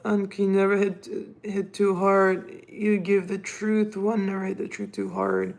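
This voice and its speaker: A woman's voice: mid-range voice, steady tone, measured pace, a little mellow. A woman whose first language is Russian, chatting casually on a live stream as she reads viewer comments aloud and talks to her cat. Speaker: livestream host reading viewer comments.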